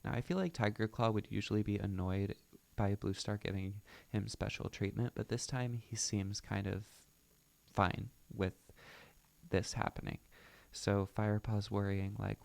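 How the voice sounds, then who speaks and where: Guy reading a book out loud and chatting about it, low gravelly voice, easygoing asides. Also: fairly even intonation, normal speed. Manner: chatty, musing asides, self-deprecating. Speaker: book reader and commentator. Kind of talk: reading aloud with casual commentary.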